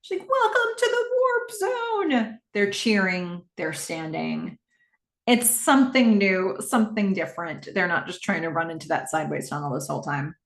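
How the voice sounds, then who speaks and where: Woman host, low-ish voice, animated episode recap, echoey room. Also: moderate pace. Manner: animated, laughs often, acts out the characters' lines. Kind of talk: casual scene-by-scene recap.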